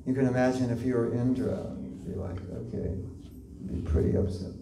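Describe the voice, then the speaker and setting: A man gives a devotional lecture to a live group in a temple hall, chatting conversationally, asking his listeners questions, and using lots of fillers. His mid-range voice is completely flat and fairly quick. The recording is echoey, with his voice distant and faint noise underneath.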